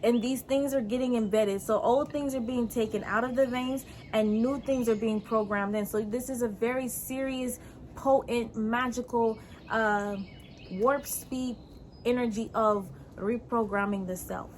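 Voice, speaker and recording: A woman's voice: a little high, fairly even intonation, unhurried, a little hiss or hum, close to an everyday voice. A woman channeling a solemn mystic in an accent. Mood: solemn mystical.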